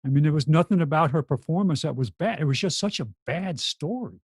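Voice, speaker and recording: A man co-hosting a casual tech talk show over a video call, talking in an emphatic, animated way. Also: a little high, a little fast, husky, dry recording. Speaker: co-host. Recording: dry close mic over a video call.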